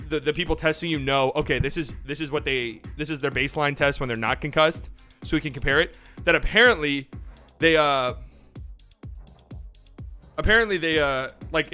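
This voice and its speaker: Young man ranting, forceful and profane. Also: a little high. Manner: profane, rambling rant. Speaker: sports podcast host. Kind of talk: casual live sports talk.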